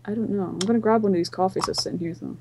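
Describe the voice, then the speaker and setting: A woman's voice: medium pitch, racing, vocal fry, noisy background. A young Scottish woman chatting casually while playing a video game, planning moves aloud. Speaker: co-host of a let's play. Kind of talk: casual gaming chat.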